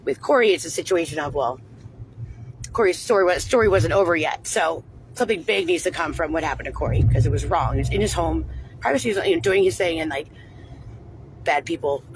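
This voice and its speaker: A woman's voice: fairly low pitch, noisy background. A woman talking unscripted on a livestream, rambling and agitated, with frequent swearing. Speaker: livestream host.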